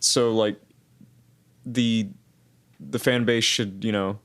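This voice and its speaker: A man with an Oklahoma accent, a band member in a casual podcast chat, speaking in measured, hesitant phrases. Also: lowish voice, fairly even intonation. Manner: measured and hesitant, many ums.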